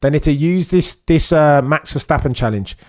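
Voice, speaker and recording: At normal speed, a man watching a race live on stream offers excited commentary and keeps pleading with the drivers. He dips into low mutters before jumping up to high, urgent bursts.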